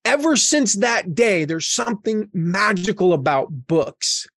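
Relaxed chuckling male guest, dry sound. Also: high-pitched, a little slow, dry recording. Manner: relaxed, chuckling, full of fillers. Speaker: author and podcast guest. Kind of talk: casual conversational interview.

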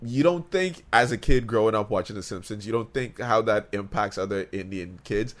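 Blunt, swearing co-host from the Bahamas, lowish voice, casual debate. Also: male voice, normal speed, fairly bright tone. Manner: blunt, profane, argumentative. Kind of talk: casual chat.

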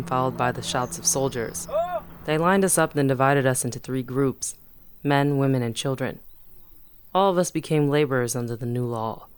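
A man's voice: medium pitch, slight background noise. Man narrating a memoir evenly. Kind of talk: first-person memoir narration.

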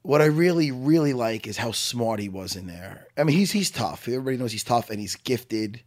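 A man's voice: medium pitch, expressive, a little fast. A man, a fight coach co-hosting a casual sports chat, rambling and leaning on "you know". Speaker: fight coach and podcast co-host.

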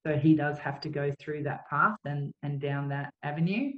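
A woman telling a painful personal story as an interview guest, in an earnest, halting way. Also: deep voice, reverberant, highs cut off. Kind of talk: emotional personal account.

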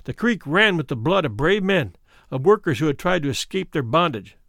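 Guy reading an old memoir out loud, slightly high voice, dry close mic, serious tone. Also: sing-song, gravelly, no echo. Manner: measured, somber storytelling. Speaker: narrator. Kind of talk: dramatic first-person reading of a memoir.

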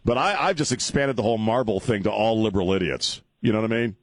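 Husky-voiced, joking male talk radio host. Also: on the low side, fast talker, no room sound. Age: middle-aged. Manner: joking, rambling, laughs often. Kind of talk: casual comedic talk radio.

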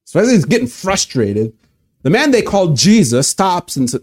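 Vivid and animated, this pastor asks his listeners to imagine the scene as he tells a sermon story. He has a high-pitched, slightly breathy voice at normal speed.

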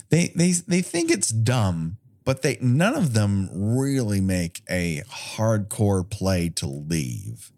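Lively sarcastic man riffing casually. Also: fairly low pitch, takes it slowly. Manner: sarcastic, profane, with mocking quoted voices. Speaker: podcast co-host. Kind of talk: casual movie-review chat.

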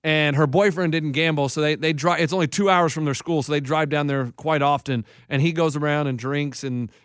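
A man's voice: fairly high pitch, fairly even intonation, fairly quick, smooth, no echo, studio quality. A man co-hosting a podcast, telling rambling anecdotes full of restarts in casual chat. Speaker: podcast co-host.

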